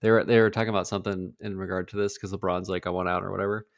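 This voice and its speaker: A man with a low, gravelly voice drops dry, offhand remarks on a casual podcast. His voice sounds close and dry. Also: level tone, rapid-fire, dry recording. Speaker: podcast co-host. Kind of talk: casual chat.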